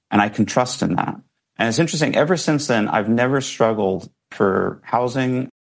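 A man with a fairly low, gravelly voice speaks as an interview guest. He recounts a personal story in an earnest, reflective way, with feeling coming through.

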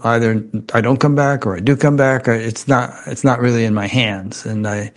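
A man hosting an interview, speaking in a halting, careful way with lots of restarts and fillers. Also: medium pitch, steady tone. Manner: cautious and measured. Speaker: podcast host. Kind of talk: conversational interview.

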